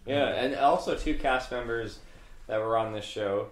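A man co-hosting a casual comedy podcast, retelling sketches with lively acted-out voices. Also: unhurried, roomy sound. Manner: animated storyteller, acts out characters in high voices. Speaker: podcast co-host.

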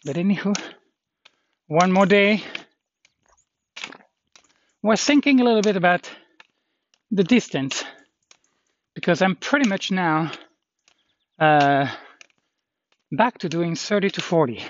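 A man with a slightly higher voice rambles through a walking vlog on an outdoor trail, pausing and filling gaps as he goes. The recording sounds dull and lo-fi. A faint hiss sits underneath. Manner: rambling, halting, many fillers. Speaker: walking pilgrim vlogger.

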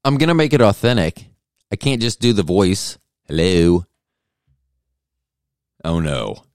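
A man with a very low voice talks alone into a podcast mic, joking and wandering off on tangents. His pitch jumps around a lot as he teases himself, and the sound is dry and close, with no room around it. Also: very animated, moderate pace, no echo. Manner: joking, self-deprecating, wandering asides. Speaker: podcast host. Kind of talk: rambling solo podcast monologue.

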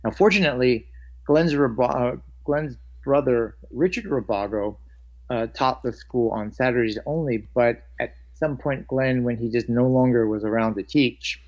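A man who teaches martial arts, telling stories of his training in an animated way and acting out the lines of others. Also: medium pitch, normal speed. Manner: animated, acts out quoted lines. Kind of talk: storytelling in a conversation. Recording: dull lo-fi audio.

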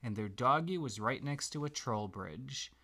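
A man gently making up a bedtime story for his child, pausing as he thinks of what comes next. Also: mid-range voice, animated. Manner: gentle, unhurried, makes the tale up as he goes. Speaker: parent telling a story.

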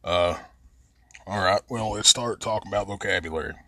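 Appalachian mountain man host, low voice, dry close mic, rambling, profane, drawn-out vowels. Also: bright, forceful tone, no echo. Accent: Southern Appalachian. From West Virginia. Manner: rambling, cusses freely, drawls and stretches vowels. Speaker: podcast host. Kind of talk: casual profane monologue.

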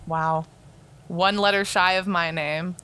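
A young woman chatting on a podcast with a bright, forward tone. She giggles a lot and swears casually. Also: fairly low pitch, steady tone, slow pace, clean tone, no room sound. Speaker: podcast co-host.

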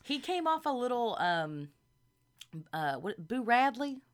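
A woman co-hosting a casual chat, blunt and quick to laugh, with some swearing. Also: fairly high pitch, very animated.

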